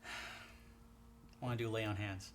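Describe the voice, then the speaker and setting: A man playing a paladin in a tabletop game, speaking calmly and steadily. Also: fairly low pitch, takes it slowly. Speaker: player. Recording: faint background noise.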